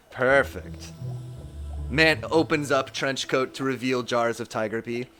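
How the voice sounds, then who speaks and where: A man's voice: medium pitch, slow, pauses often, fairly bright tone, faint music behind. A young man from Southern California chatting casually and joking while he streams a game, laughing often. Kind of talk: casual live-stream chat while gaming.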